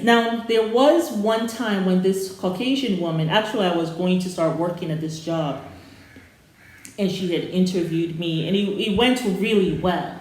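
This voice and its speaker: A soft-spoken woman from Sierra Leone tells a personal story as a show co-host, rambling and full of fillers. Her voice sits in a middle register. The sound is very echoey, as if recorded in a bare room. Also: mid-range voice. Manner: rambling, many fillers and restarts. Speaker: co-host reviewing a docuseries. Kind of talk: casual storytelling.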